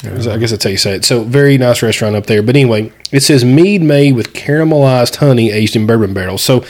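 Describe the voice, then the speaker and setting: A man's voice: mid-range voice, fast. Man casually explaining a drink. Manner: explains in repeated step-by-step restarts. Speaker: podcast co-host. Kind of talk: casual chat.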